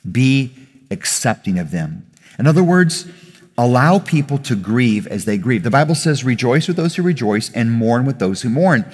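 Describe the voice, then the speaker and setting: A male pastor preaching a conversational sermon to a congregation, getting louder and more emphatic as he makes his points. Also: medium pitch, very animated, moderate pace, husky. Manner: conversational preaching, rising with emphasis, self-corrections. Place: church hall with audience. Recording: reverberant hall.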